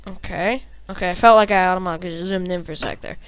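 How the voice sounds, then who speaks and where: Excitable woman doing gameplay commentary. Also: fairly low pitch, fast talker, clear, resonant tone, dry recording, poor audio. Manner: excitable, reactive, curses, hums tunes. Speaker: gaming channel host.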